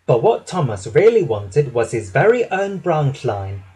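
A man reading a children's story aloud with an expressive storytelling delivery. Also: medium pitch, measured pace, slightly rough, low-quality recording. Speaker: storybook reader.

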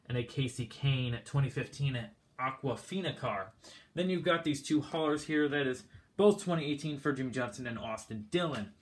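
Man, casual collection tour, rambling, enthusiastic, slightly out of breath, mid-pitched voice. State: a bit out of breath. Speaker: diecast collector.

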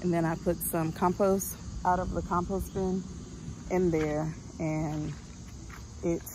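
A woman walks through her garden talking in a slow, unhurried way, her voice sitting a little low. Her chat is folksy and loose, dotted with ums. Faint outdoor noise sits behind her. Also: level tone. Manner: chatty, folksy, with frequent ums. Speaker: homestead vlogger. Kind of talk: casual garden walkthrough.

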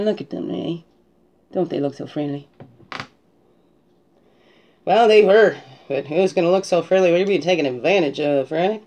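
A woman's voice: on the low side, darkish tone. Musing woman spiritual guide. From Canada. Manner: reflective, musing, often asks "right?". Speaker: spiritual guide and card reader. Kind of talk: spiritual guidance talk with a card reading.

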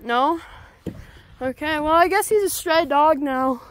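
Woman as young dog owner, high, unhurried, rambling and puzzled; fan plush video, faint noise. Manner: chatty, puzzled guessing, rambling.

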